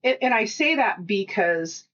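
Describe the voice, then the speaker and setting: Lively middle-aged woman telling stories. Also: mid-range voice, unhurried, lo-fi sound. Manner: animated storyteller who acts out quotes and laughs often. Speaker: podcast co-host and shop owner. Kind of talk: casual chat.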